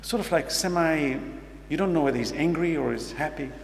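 Gravelly-voiced man telling a story in a sermon. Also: a little high, brisk. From United States. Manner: earnest storyteller, acts out dialogue, asks the audience questions. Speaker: Muslim speaker. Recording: echoey hall with faint hum.

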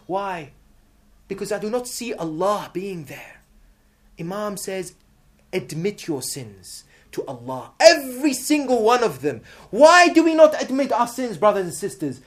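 A man preaching an emotional sermon, moving between loud, urgent emphasis and quiet, hushed passages, with chanted supplications woven in. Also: high-pitched. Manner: intersperses melodic chanted supplications.

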